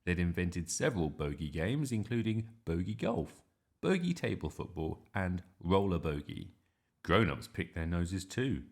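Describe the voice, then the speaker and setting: A man reading a children's story aloud in an expressive, animated way. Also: low-pitched, unhurried.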